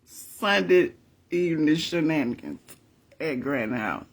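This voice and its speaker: High, creaky-voiced man. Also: a little slow. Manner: animated, chatty, laughs often, calls on the Lord. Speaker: vlogger. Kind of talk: casual storytelling to viewers.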